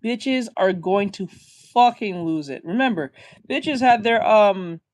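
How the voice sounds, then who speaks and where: A man's voice: high voice, slow pace. A man giving blunt, crude reaction commentary on a clip, often laughing at his own jokes.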